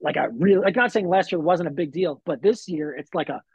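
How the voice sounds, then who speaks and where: A man's voice: fairly high pitch, brisk, darkish tone, slightly rough, no echo. A man, a wrestler guest on a podcast, telling stories in a laid-back way with lots of fillers. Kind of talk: casual podcast chat.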